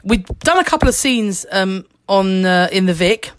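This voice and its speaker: A middle-aged woman telling a lively anecdote as a guest, laughing often and acting out the voices she quotes. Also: medium pitch, normal speed. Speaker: actress, guest. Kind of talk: anecdotal chat, storytelling.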